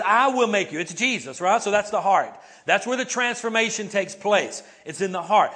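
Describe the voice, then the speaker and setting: A man's voice: high voice, fairly bright tone. A man pastor preaching a sermon to a congregation in a church, talking conversationally, often tagging his points with "right?" and having the congregation repeat words back. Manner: conversational, many "right?" and "okay?" tags. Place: church sanctuary before a congregation.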